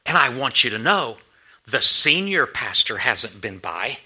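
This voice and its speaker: A man voicing a sweet, frail elderly woman of about eighty-five, speaking softly and tenderly. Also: medium pitch, big pitch swings, a little slow, exaggerated voice. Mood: pointed. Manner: soft, tender, then pointed.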